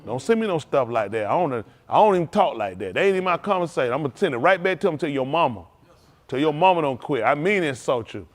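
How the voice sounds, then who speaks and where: A man preaching at a congregational service with a raised voice that leaps widely in pitch. He delivers an informal testimony-style sermon, animated and quick to laugh. He speaks directly and frankly to the people in front of him. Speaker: pastor. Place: synagogue service.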